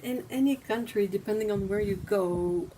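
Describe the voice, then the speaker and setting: A woman's voice: medium pitch, moderate pace, mellow, slight background noise. A woman hosting a casual livestream, chatting and reading viewer comments aloud. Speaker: livestream host.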